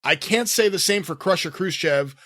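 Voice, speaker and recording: A man's voice: sits high, normal speed, fairly bright tone, dry recording, clean studio sound. A man co-hosting a podcast, reading a listener's mocking letter aloud with sarcastic delivery.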